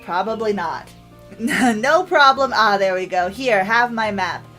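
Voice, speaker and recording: A woman putting on a booming old sea skipper. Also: big pitch swings, takes it slowly, a little mellow, soft background music, heavily acted. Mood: hearty. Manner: booming, clumsy attempt at a sailor accent. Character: jolly old male ship skipper.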